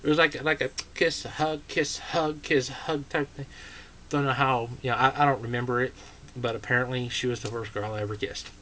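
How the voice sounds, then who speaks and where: Man, American accent, bright voice, mid pitch, casual rambling vlog storytelling. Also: fairly even intonation, a little fast, slight background noise. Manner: rambling, with filler words and self-interruptions. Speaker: vlogger.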